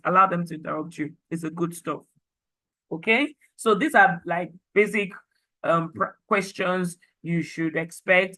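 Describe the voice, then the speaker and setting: Brief: Nigerian woman teacher, chatty and upbeat, with a tense, bright edge. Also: mid-range voice, measured pace, low-quality recording. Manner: lively, chatty and encouraging, mixing in pidgin. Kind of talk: online class lecture.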